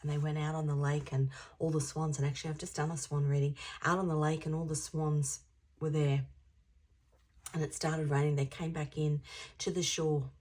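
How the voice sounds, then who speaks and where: Low husky woman doing a tarot reading, chatty and rambly, whispers now and then. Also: level tone, moderate pace, darkish tone. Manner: chatty and rambling, drops into whispers to stress points. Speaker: intuitive tarot reader. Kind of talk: channeled tarot reading to camera.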